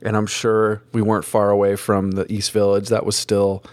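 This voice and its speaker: A man from Vermont hosting a podcast, chatting with a guest in a relaxed, chummy way and laughing along. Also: lowish voice, moderate pace, no room sound. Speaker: podcast host. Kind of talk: casual interview chat.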